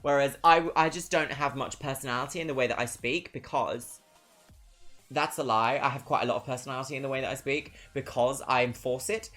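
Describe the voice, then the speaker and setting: A livestreamer with a southern English accent chats casually with viewers, reading out their messages. The voice is bright and forward, perky on greetings and dry on asides. Soft music plays faintly in the background. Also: mid-range voice, a little fast. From Brighton, England. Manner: chatty and expressive, swinging between perky greetings and dry asides.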